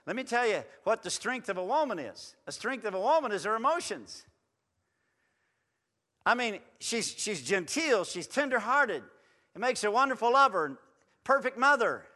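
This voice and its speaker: A man preaching a folksy sermon in a church hall, animated and building to loud emphatic runs. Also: high-pitched. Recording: long reverb in a hall.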